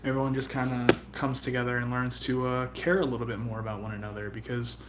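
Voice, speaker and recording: A man's voice: medium pitch, level tone, fast, heavy background noise. A young man streaming live, talking in a casual, profane, rambling way that turns heartfelt. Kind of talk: casual livestream chat.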